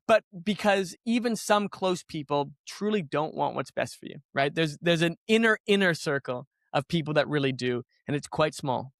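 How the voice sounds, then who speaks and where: A man with a high voice for his sex, musing over ideas in an easy podcast chat. He circles back and restarts as he thinks aloud, and the close mic leaves no room sound. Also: a bit bright, no echo. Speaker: podcast guest. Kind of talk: casual conversation.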